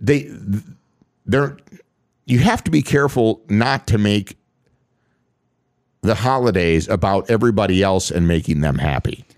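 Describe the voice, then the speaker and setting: A man's voice: lowish voice, unhurried, pauses often, no echo, studio quality. A middle-aged man co-hosting a podcast, talking casually with many restarts and reassuring interjections. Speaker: podcast co-host. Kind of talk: casual chat.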